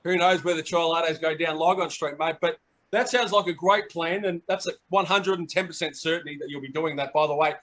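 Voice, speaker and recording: A man's voice: fairly high pitch, steady tone, a little fast, fairly bright tone. A man hosting casual banter, teasing and chatty, with many fillers. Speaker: host. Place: abroad, remote.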